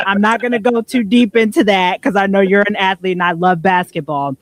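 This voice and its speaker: A woman's voice: mid-range voice, fairly even intonation, fairly quick, no echo. A woman co-hosting a podcast, talking in an earnest, reflective way and often checking in with "right?". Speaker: podcast co-host. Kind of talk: reflective motivational conversation.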